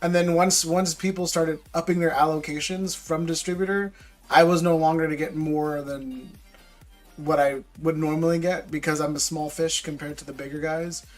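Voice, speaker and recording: Chill dude on a card-ripping stream, kinda high voice, bro-ing everyone, faint music behind. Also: male voice, fairly even intonation, normal speed. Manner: laid-back, talks to viewers as bro. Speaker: livestream card seller. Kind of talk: casual live-stream chat.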